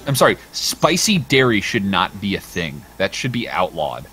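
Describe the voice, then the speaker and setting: A man hosting a casual gaming livestream, chatting and reading chat, swearing freely and laughing while he plays. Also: moderate pace. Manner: animated, swearing, laughing, does squeaky impressions while retelling videos. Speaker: livestream host.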